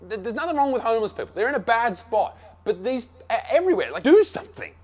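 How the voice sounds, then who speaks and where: An Australian comedian reviewing America rants about his travels in an extremely high-pitched voice, fast and very animated. He's brash and sarcastic and swears freely, and the clip is played from another video.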